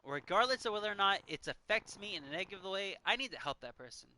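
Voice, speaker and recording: A man's voice: high-pitched, expressive, quick pace, bright, forceful tone. A man in his thirties, a game streamer talking earnestly and emotionally, choked up and sighing often. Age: 30s. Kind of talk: casual chat while gaming.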